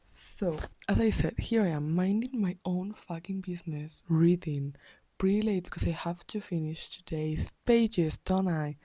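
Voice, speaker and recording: A woman's voice: on the low side, a little slow, mellow, dry recording. A tired young woman talking in a casual, exasperated reading vlog, often dropping into a whisper late at night. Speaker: book vlogger.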